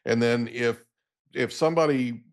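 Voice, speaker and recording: A man's voice: medium pitch, moderate pace. A middle-aged man hosting a podcast interview, enthusiastic and affirming toward his guest. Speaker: podcast host. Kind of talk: casual interview chat.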